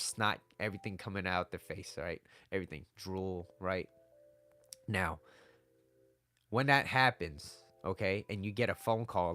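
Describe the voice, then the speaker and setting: A man's voice: on the low side, a bit bright. Guy doing a relationship advice vlog, blunt, swears a lot, says "right?" constantly, faint music in the back. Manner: blunt and conversational, swears, keeps asking "right?". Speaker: dating and relationship advice vlogger. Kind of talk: casual motivational talk to camera.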